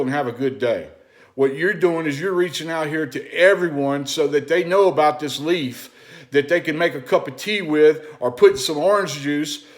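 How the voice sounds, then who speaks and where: A man hosting his own video channel, talking straight to the viewer in an impassioned, repetitive way. He swings between loud urging and low, confiding asides, and keeps asking rhetorical questions. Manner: preachy, asks the listener rhetorical questions. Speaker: vlog host. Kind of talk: impassioned direct-to-camera monologue.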